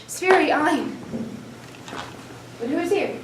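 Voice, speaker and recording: Brief: student actress as wounded lovesick maiden, very high, distant roomy stage sound. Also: female voice, animated, slow, slight background noise. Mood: hurt. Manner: pleading, wounded verse delivery. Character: young woman Helena, lovesick and hurt. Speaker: student actor. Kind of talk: school stage performance of verse. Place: theatre workshop room. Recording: echoey room, from far off.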